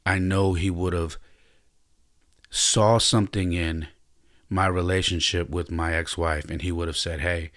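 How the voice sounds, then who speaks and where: Male podcast host, fairly low-pitched, reflective personal storytelling, earnest and halting. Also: fairly even intonation, a bit bright.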